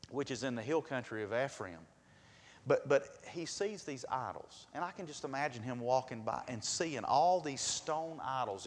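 A man preaching a sermon, asking the congregation questions and swinging between loud and soft. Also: medium pitch. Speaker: pastor. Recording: long hall reverb.

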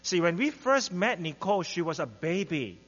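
A man's voice: high voice, sing-song, normal speed, a bit bright. A man introducing a guest preacher at a church service, hesitant with many fillers. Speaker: church member introducing the speaker. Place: church sanctuary. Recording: dull recording in reverberant hall with hum.

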